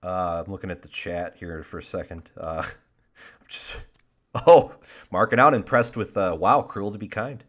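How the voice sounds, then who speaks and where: Joking low-voiced male podcast co-host. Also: a little slow. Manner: joking, self-mocking, reads chat aloud. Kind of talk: casual chat.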